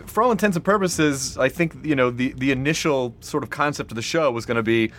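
A man's voice: medium pitch, fairly quick, a bit bright. A man hosting a casual interview, asking rambling, hesitant questions full of fillers. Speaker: podcast host.

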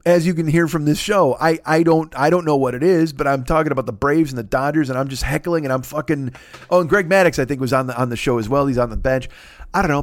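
A man hosting a comedy podcast, telling a long profane story in a rambling, animated way, full of restarts and asides. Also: fairly high pitch, no room sound. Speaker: podcast host.

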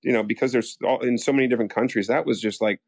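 An American actor, a fast talker with a mid-range voice and no echo, tells stories in a casual interview. His rambling, animated delivery is full of restarts and acted-out quotes.

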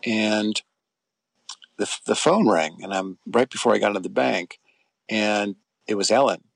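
Gravelly low-voiced man telling a story. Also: a little slow, dry recording. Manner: rambling anecdotal telling with many fillers and restarts. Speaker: interview guest, former soap actor. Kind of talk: casual interview storytelling.

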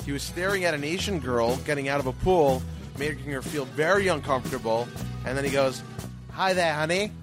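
A man's voice: mid-range voice, brisk, over music. A man guesting on a comedy podcast, rambling through funny anecdotes and laughing at them himself. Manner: rambling anecdotes, laughs at his own stories. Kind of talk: casual comedic storytelling.

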